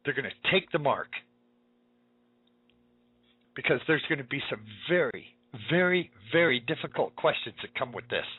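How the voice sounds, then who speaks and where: Male talk radio host, husky, on the higher side, preaching with urgent emphasis; dry, phone-band audio. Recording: tinny phone-like line.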